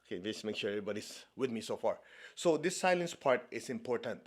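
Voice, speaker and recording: A man from China leads a spiritual talk as a meditation teacher, speaking conversationally and often asking if his listeners follow. His pitch swings widely, jumping high on jokes and dropping low and soft on key points. He laughs easily between his explanations. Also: lively intonation, fast. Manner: laughs often, playful asides.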